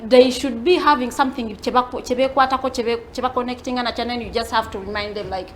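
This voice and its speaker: Ugandan woman panelist, fairly high pitch, thoughtful and unhurried, light background hiss. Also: steady tone. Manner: reflective, switches between English and Luganda. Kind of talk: casual chat.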